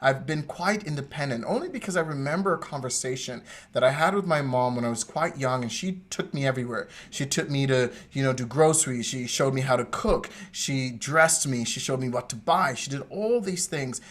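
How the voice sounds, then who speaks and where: A man co-hosting a podcast, telling a personal story in an animated way and acting out what others said. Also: mid-range voice, a little fast, hardly any pauses. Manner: animated storyteller, acts out quoted voices. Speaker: podcast co-host. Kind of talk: casual storytelling chat.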